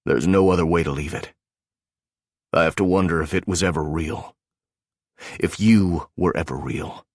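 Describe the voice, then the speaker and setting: Male narrator as a hurt agent and team leader, low-voiced, accusing, dry close audiobook sound. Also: normal speed, pauses often, darkish tone, no room sound. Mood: cold. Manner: bitter, accusing, restrained.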